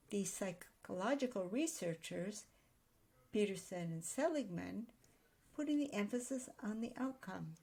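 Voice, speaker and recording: A woman teaching writers in a thoughtful, explanatory way, pausing to reason aloud as she goes. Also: medium pitch, vocal fry, darkish tone, husky. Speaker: writing teacher. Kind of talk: daily video lesson on note-taking.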